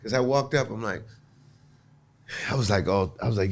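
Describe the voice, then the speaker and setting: A man with a fairly low voice, speaking at a moderate pace, is a comedian guest spinning a lengthy story on a podcast. He delivers it with energy, restarting with repeated words and imitating the people in it.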